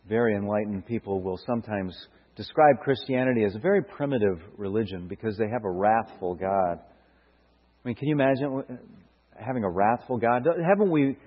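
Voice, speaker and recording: A middle-aged man preaching a sermon, earnest and searching, with stammered restarts and rhetorical questions that build to emphatic bursts. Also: mid-range voice. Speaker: pastor. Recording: dull lo-fi sound with hall reverb.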